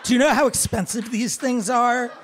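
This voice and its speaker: A man's voice: extremely high pitch, normal speed, fairly bright tone, slight background noise, pitched above the performer's own voice. A man doing a fed-up toll booth guy. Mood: scolding. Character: exasperated male toll booth worker.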